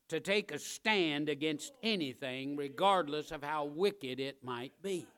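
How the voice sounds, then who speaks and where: A male pastor preaching a sermon in church, emphatic and repetitive, building up to loud, driving peaks. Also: on the high side, unhurried, few pauses, clean tone.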